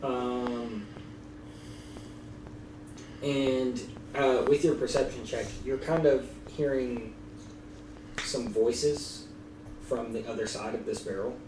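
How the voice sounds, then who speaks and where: A man narrating as dungeon master with a relaxed, hesitant delivery full of ums. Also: mid-range voice, slow pace, long pauses. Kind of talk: narrating a tabletop game. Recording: echoey room, distant mic, noisy.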